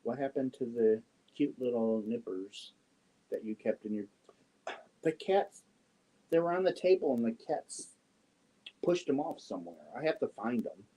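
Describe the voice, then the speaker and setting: A man's voice: mid-range voice, lively intonation, moderate pace, pauses often, warm tone. A man hosting a crochet livestream, chatting casually, reading viewer comments and cooing to his cats. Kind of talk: casual chat while crocheting.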